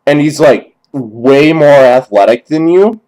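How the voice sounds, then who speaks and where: A young man performing a dry, halting comedy monologue in character, crude and profane, recorded on a cheap webcam. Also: on the high side, expressive, darkish tone, rough recording. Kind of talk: deadpan rambling character monologue.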